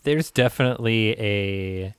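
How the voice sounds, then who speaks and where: A man with a low voice chats about a film in a laid-back, easygoing way, laughing and cursing casually as he goes. The recording is dry and close. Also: unhurried, smooth, no room sound. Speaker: podcast co-host. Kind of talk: casual movie review chat.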